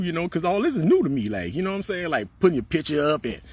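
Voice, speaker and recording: A man's voice: a little high, very animated, quick pace, few pauses, husky. A military veteran telling casual stories in slang, laughing often and acting out the lines of the people he quotes. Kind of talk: casual storytelling.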